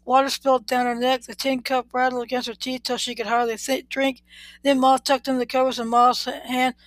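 A woman reading a children's book aloud in a steady, plain way, now and then correcting a word. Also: high-pitched, fairly quick, dry recording, low-quality recording. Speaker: reader.

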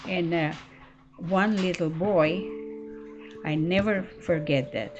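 Older female interviewee, halting non-fluent English, slow pace, music bed behind. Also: fairly low pitch, steady tone, lo-fi sound. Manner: halting broken English, many fillers. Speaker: interviewee recalling childhood. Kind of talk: oral history interview.

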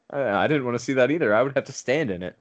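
A man chatting on a podcast, rambling through a story with constant fillers and the odd curse word. His voice sits at an ordinary pitch. The sound is a bit muffled and dull. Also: lively intonation, fast. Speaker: podcast co-host telling a story. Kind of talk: casual podcast chat.

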